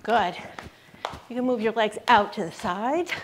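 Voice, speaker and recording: An upbeat woman with a slightly high voice coaches a rebounding workout, calling out cues and counting down reps. She speaks in an unhurried, drawn-out way while bouncing along herself. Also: noisy background. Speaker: fitness instructor.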